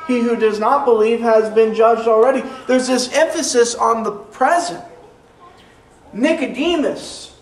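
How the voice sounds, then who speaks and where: A man preaching a sermon in a church. He talks earnestly, slows down to stress key phrases, and repeats words as he restarts. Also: very high-pitched. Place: church sanctuary. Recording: roomy echo, mic at a distance, faint room noise.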